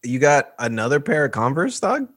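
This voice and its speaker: Slow, goofy man on a video call. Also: mid-range voice, no room sound. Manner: goofy, breaks into song, laughs. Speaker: podcast co-host. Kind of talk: casual chat.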